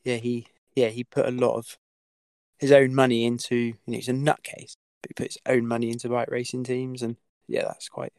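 A man's voice: medium pitch, little pitch movement, a little fast, darkish tone, clean tone, dry recording. A man telling a story as a podcast guest, with many fillers, restarts and the odd swear word. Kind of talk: casual storytelling.

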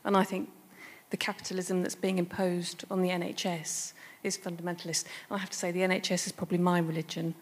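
A woman's voice: fairly low pitch, flat delivery, fast talker, hardly any pauses, breathy edge. An English woman in the audience putting a question from the floor, earnest and a little wry. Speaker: audience member asking a question. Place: London event hall.

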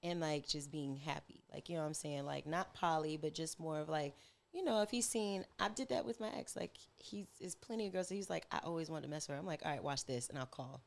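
A woman's voice: sits low, fairly quick, vocal fry. A woman guest on a podcast, talking in casual, profane banter. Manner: brash, profane, laughing banter. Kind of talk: casual chat.

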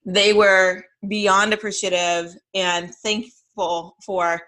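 At a moderate pace and medium pitch, this woman in her thirties chats casually while co-hosting a podcast. She's a chatty, animated storyteller who leans heavily on fillers.

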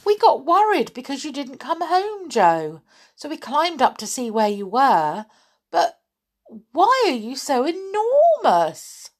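A woman's voice: on the high side, very animated, moderate pace, vocal fry, few pauses, a little mellow, breathy edge, pitched above the performer's own voice, exaggerated voice. A woman reading aloud and voicing a small, eager boy character in a children's story. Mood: alarmed.

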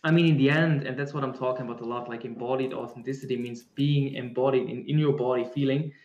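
A man's voice: medium pitch, steady tone, fast, darkish tone, reverberant, lo-fi sound. A man answering a question in a reflective, conversational way, often restarting and searching for the right words. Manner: searching, many restarts and fillers. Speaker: guest speaker on embodiment.

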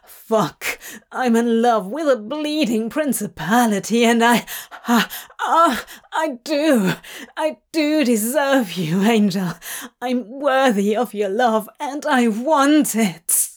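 A woman's voice: fairly high pitch, animated, slow. Crowley, a woman voicing a breathless male demon. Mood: ecstatic.

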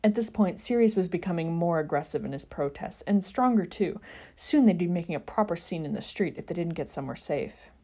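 A woman's voice: lowish voice, lively intonation, fairly quick, dark tone, breathy edge. A woman podcast host reading fan fiction aloud and chatting with wry, dry asides. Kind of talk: narrated fan fiction reading and casual chat.

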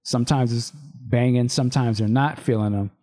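A man's voice: mid-range voice, fairly even intonation, moderate pace, warm tone. Easygoing man reading a script aloud. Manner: loose, with restarts and asides.

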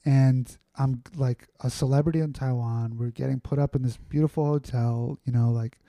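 A man chatting as a podcast guest, telling stories in a loose, rambling way full of fillers and restarts. His voice is very dark and mellow at a middling pitch. The sound is dry and close, with no room around it. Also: steady tone, moderate pace, no echo. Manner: rambling, filler-heavy, candid. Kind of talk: casual conversational storytelling.

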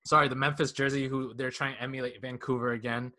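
A man hosting a podcast, judging a casual panel debate in a relaxed, rambling, slangy way. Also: medium pitch, quick pace. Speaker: podcast host.

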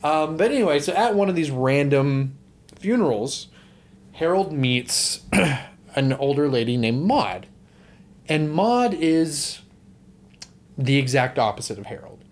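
A man's voice: a little high, very animated, slow pace, pauses often. A young man co-hosting a casual movie podcast, rambling and swearing freely. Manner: rambling, swears, laughs often. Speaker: podcast co-host.

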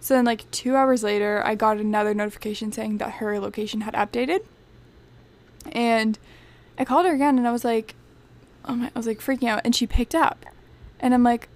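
A young woman tells a story as co-host of a chatty podcast. Her voice sits a little high, and she is lively and animated. Her talk is loose and casual, and "like" turns up all the time. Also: fairly quick. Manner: animated storyteller, heavy use of "like". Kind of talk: casual chat.

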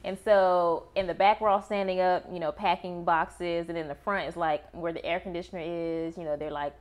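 A woman guest on a podcast, telling a personal story in a lively way and acting out the people in it. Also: on the low side, moderate pace. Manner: lively storyteller, acts out quoted voices. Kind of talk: casual podcast chat.

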